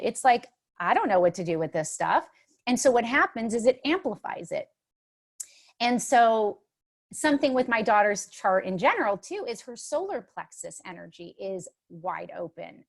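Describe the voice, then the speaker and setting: Middle-aged woman, panel guest, emotional and expressive delivery, mid-range voice. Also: medium pitch. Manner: expressive and emotional, with many restarts and fillers. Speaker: panelist on a motherhood livestream. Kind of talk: casual spoken talk.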